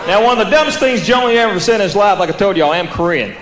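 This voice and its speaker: A man with a Southern US accent doing stand-up comedy, telling stories animatedly, stretching out vowels and acting out characters. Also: high voice. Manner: animated storytelling, drawn-out vowels, acts out characters. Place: live comedy venue with audience. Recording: roomy hall with audience noise. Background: crowd laughter.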